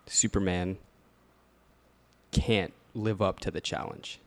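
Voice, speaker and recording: A man's voice: deep voice, steady tone, slow. A man co-hosting a casual podcast, talking hesitantly with many fillers. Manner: casual, hesitant, laughs often. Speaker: podcast co-host.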